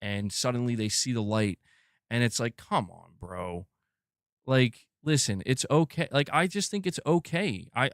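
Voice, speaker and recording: A man holds forth on a live gaming news stream at a mid-range pitch, his opinions tumbling out in a loose, rambling rant. He leans on "like" constantly and drops the odd casual swear word. The sound is dry and close, with no room around it. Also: dry recording.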